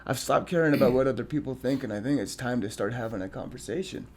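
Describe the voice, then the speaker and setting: A man in the middle of a reflective podcast conversation, talking earnestly. His voice sits at an ordinary middle pitch. He pauses often and restarts his sentences as he works out what he means. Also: a little mellow. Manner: earnest, halting, with frequent restarts and ums. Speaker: podcast co-host.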